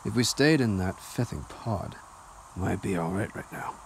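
A man as a quiet, reassuring officer. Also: sits low, lively intonation, normal speed, a little hiss or hum.

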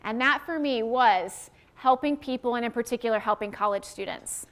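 A woman in her thirties with a high voice tells a personal story to a room. She is animated and acts out the people she quotes. As a career coach, she pulls every turn of the tale toward a point about planning. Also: moderate pace. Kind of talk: storytelling talk to an audience.

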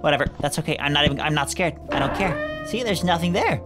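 An excitable woman talking her way through a video game, arguing with it and with herself. Her pitch leaps and swoops constantly, and clear game music plays behind her. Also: fast. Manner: excitable, talks to herself and the game, jumps between mock bravado and panic. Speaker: gaming commentator. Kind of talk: let's play commentary.

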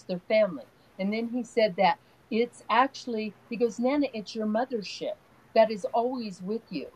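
In a rough recording, an older female energy healer with a mid-range voice tells long, rambling stories as an interview guest. Her manner is soft and earnest, and the conversation is casual and spiritual in tone.

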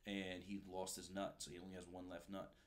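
A man telling stories from his time as a recruiter in a relaxed, animated way, peppered with slang and swearing. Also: deep voice, brisk. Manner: animated, swears freely, says "dude" and "bro" often. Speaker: guest, former Marine recruiter. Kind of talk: casual storytelling.

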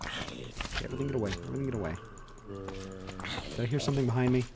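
A young man commentating his survival game, swearing often, talking to the monsters and bursting into loud outbursts. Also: mid-range voice, very fast, very noisy. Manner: swears a lot, animated outbursts, talks to game mobs. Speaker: gaming video creator. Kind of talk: let's play commentary.

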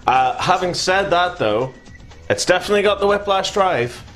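A man's voice: sits high, moderate pace, faint music behind. A man, co-hosting a casual review chat and swearing freely. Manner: animated, swearing, bursts into shouts and laughs. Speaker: podcast co-host reviewing robot fights.

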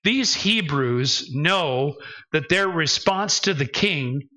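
A man's voice: on the high side, expressive, slow, pushed and bright, low-quality recording. A man preaching a sermon as pastor in a church, emphatic and acting out the voices of the believers he describes. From United States. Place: church sanctuary.

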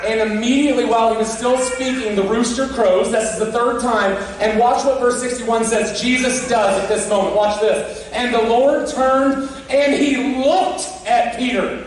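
A man's voice: extremely high pitch, steady tone, moderate pace, slight background noise. A man preaching an Easter sermon as pastor, conversational and often checking in with the congregation. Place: church sanctuary. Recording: very echoey church from a distant mic.

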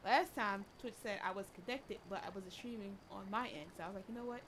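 A woman's voice: mid-range voice, a little fast, fairly bright tone, a little hiss or hum. A woman streaming a game live, chatting casually and talking back to the game and her chat with lots of laughter. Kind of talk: casual live gameplay commentary.

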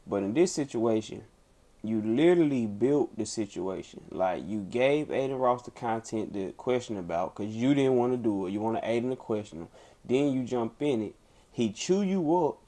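A streamer in full live reaction mode, hammering his points home with blunt repetition and plenty of swearing. His voice sits at an ordinary middle pitch for a man, and the talk comes across as loose and unscripted, like he's speaking straight to his chat. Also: dark tone. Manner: blunt, emphatic, repeats points, swears freely. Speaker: streamer commenting on a feud.

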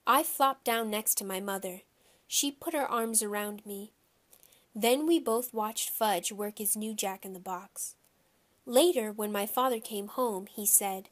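A woman narrating a children's audiobook in a lively first-person storytelling voice. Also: medium pitch, a little slow.

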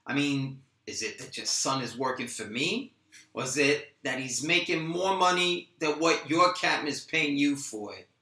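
Brief: man with a high, bright voice, cocky tough-guy delivery on a video call, echoey room. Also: normal speed. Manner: swaggering tough-guy delivery, heavy profanity. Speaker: actor reading a gangster part. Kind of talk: virtual script reading.

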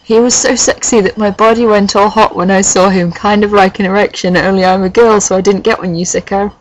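A woman doing a comic dramatic reading of a fan fiction, breaking off for sarcastic, deadpan asides with swearing. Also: medium pitch, fairly quick, a little hiss or hum, poor audio. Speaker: reader and commentator of a fan fiction.

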